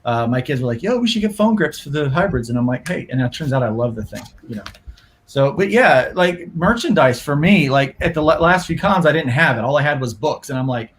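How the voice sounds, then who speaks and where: A man's voice: medium pitch, slight background noise. A man who creates comics, chatting casually on a panel in an easygoing way. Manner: easygoing, chatty, shows items off.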